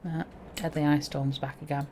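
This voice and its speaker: A woman's voice: sits low, flat delivery, moderate pace, warm tone, slight background noise. A woman giving casual, playful commentary while streaming a game. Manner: chatty, playful asides.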